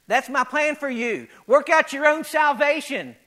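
A male pastor preaching a sermon, often building to loud, emphatic repetition. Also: extremely high pitch, lively intonation, a little slow.

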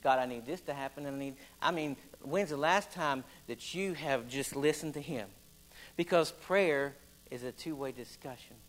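A man preaching a folksy sermon, building to loud, emphatic stretches. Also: mid-range voice, moderate pace, rough recording. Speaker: pastor.

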